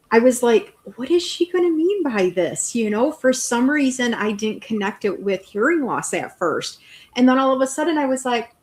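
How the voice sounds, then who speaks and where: A woman book reviewer chatting enthusiastically and warmly with an author over a video call. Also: medium pitch. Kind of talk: interview conversation.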